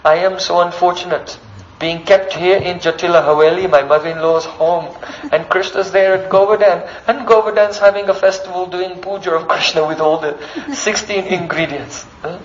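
A man's voice: high-pitched, moderate pace, dull audio. A man preaching a devotional sermon as a story, often checking in with the listeners by asking them questions.

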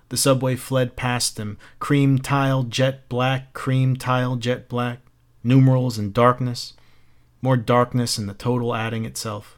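A man's voice: medium pitch, little pitch movement, unhurried. A man narrating a novel aloud in an unpolished reading that corrects its own slips. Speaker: reader. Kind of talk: audiobook narration.

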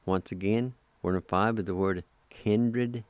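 With a lowish, darkish voice that's clear and resonant, a radio host works through a language lesson, spelling words and sounding them out syllable by syllable. His intonation stays fairly even, his manner slow, patient and encouraging, and the audio has no echo.

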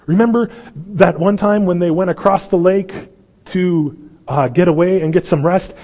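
A man's voice: high voice, in a large hall. A man preaching a sermon as pastor, telling the story with energy and acting out the voices of the people in it. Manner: animated storytelling, acts out voices. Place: church sanctuary.

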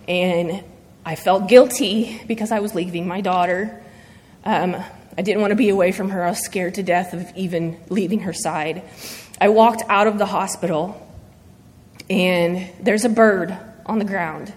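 Woman, church testimony, emotional and halting, mid pitch, long hall reverb. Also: steady tone. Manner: earnest, halting, emotional, with pauses and fillers. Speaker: church member giving testimony. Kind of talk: personal faith testimony.

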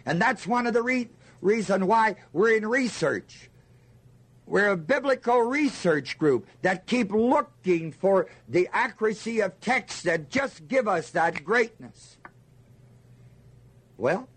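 A man's voice: high voice, animated, slow pace, a bit bright, slightly rough. An older man teaching a Bible lesson to a listening group, asking them questions and answering himself with emphasis. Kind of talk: sermon teaching.

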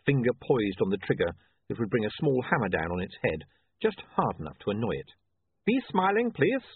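A man narrating a story in a dry, measured way. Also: fairly low pitch, expressive, breathy edge, no echo. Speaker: audiobook narrator. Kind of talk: scripted narration. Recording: tinny phone-like, dry.

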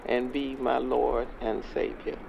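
An actor playing a stern elderly churchgoer, leading a young man through a prayer in a slow, measured, preacherly way. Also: mid-range voice, level tone, gravelly, a loud crowd. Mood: solemn. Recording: dull lo-fi with street noise.

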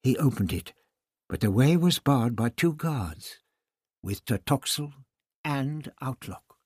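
A man reading a novel aloud as an audiobook narrator, in a measured, expressive manner. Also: mid-range voice, slightly rough, no echo, clean studio sound. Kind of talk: scripted narration.

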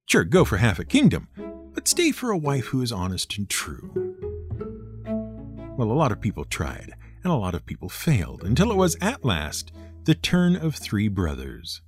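A man's voice: fairly low pitch, wildly swooping pitch, moderate pace, soft background music. Playful man telling a comic folk tale. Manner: wry, playful asides. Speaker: storyteller host.

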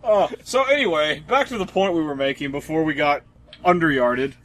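A man's voice: fairly high pitch, moderate pace, a bit bright. A man co-hosting a casual comedy podcast, rambling through crude jokes and laughing often. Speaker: podcast co-host.

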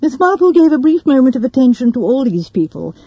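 A woman narrating a classic story in a measured, deliberate reading. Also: high voice, very animated, mellow, slightly rough, no room sound, lo-fi sound.

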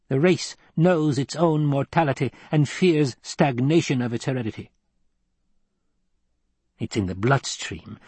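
A man's voice: mid-range voice, a little mellow, breathy edge, no echo, voice pushed up, close to an everyday voice. A man reading an audiobook, voicing a stern, snappish old woman who leads a scheming sisterhood. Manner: snappish, sneering, demanding.

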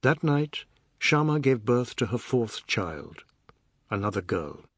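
A man narrating a novel as an audiobook in a measured, expressive reading. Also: medium pitch, husky, no room sound, studio quality.

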